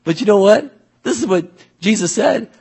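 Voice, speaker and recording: A pastor delivers his sermon in a high, slightly husky voice. He talks to the congregation like a friend, then presses his points home by repeating them with emphasis. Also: expressive, moderate pace, a little mellow. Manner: emphatic, conversational preaching with repeated phrases.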